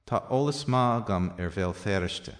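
A man teaching a language lesson, reading out practice sentences and their translations slowly and deliberately, with softer asides. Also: animated. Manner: slow and deliberate, with soft low asides.

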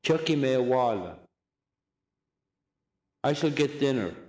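A man giving a recorded language lesson, saying phrases slowly and repeating each one for drilling. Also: medium pitch, lively intonation, darkish tone, reverberant. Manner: slow, deliberate drilling of phrases with repetition. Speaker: language teacher.

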